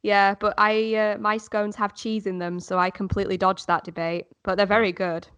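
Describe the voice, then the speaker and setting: A woman on a podcast, chatting in an amused, talkative way. Her voice is mid-pitched and recorded dry and close. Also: flat delivery, normal speed, a bit bright, clean tone, no echo. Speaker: podcast co-host. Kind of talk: casual chat.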